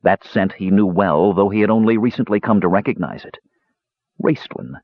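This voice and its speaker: A man reading a fantasy novel aloud in measured storytelling narration. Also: no room sound, highs cut off. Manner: measured storytelling, lively pitch. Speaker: audiobook narrator.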